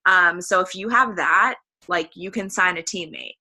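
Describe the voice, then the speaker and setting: A woman's voice: fairly low pitch, normal speed, bright, forceful tone. A woman leading a group video call, talking in a casual, encouraging way. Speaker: call leader.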